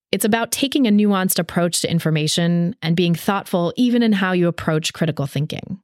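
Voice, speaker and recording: A woman hosting a podcast, reading a measured, reflective monologue from a script while her voice is a little sick. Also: on the low side, dry recording, clean studio sound. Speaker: podcast host.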